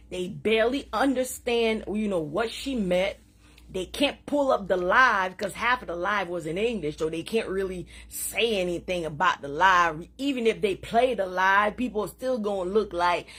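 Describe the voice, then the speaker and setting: A woman hosting a casual live stream, talking in an animated way, laughing often and mixing in Creole phrases. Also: medium pitch, slightly rough. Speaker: social media live host.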